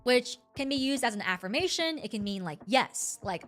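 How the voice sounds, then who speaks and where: A woman streamer casually explaining things to her chat in an animated, rambling way, often correcting herself mid-sentence. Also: medium pitch, a little fast, few pauses, soft background music.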